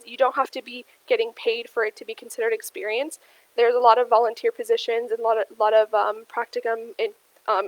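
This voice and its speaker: A young adult woman presents a lesson in a steady, explaining way, often pausing on ums. Her voice sits a little high for a woman. The recording is dry and close, with no room sound. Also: no echo, rough recording. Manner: steady explainer with frequent ums, addresses "you guys". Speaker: career workshop presenter. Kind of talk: instructional presentation.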